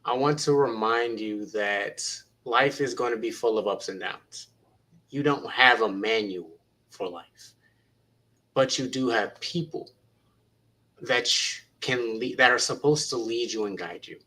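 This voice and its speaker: Bright voiced teacher guy on a panel, earnest, encouraging the young ones. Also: medium pitch, measured pace, low-quality recording. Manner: earnest, encouraging, retells conversations. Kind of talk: panel talk, encouraging youth.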